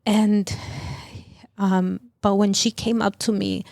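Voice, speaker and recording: A middle-aged woman telling of a personal loss as a podcast guest, in a halting, emotional way full of fillers and restarts. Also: medium pitch, little pitch movement, gravelly, darkish tone, dry recording, studio quality. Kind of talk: personal testimony in an interview.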